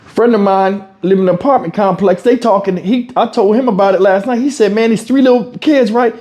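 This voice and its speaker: A man, home-recorded on a clip-on mic, spins a story in a casual vlog. His voice sits a bit high but mellow and warm in tone. He acts out each exchange with lively, unfiltered talk. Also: brisk. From Houston, Texas. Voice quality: animated storyteller, acts out quotes, swears freely. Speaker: YouTube commentator. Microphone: wireless lavalier mic.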